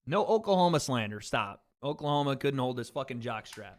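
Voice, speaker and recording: A man's voice: fairly high pitch, lively intonation, brisk, hardly any pauses. A man streaming live, ranting with heavy profanity, frustrated and angry as he snaps back at his chat. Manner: profane, heated, snapping at chat. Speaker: streamer reacting to a football game and live chat. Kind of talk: heated livestream rant to chat.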